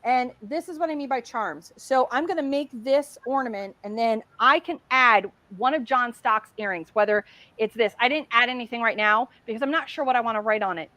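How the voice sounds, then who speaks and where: Chatty high-voiced woman demoing crafts. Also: a little fast, no echo. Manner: chatty, excitable, demonstrating while talking. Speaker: craft livestream host. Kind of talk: casual livestream demo.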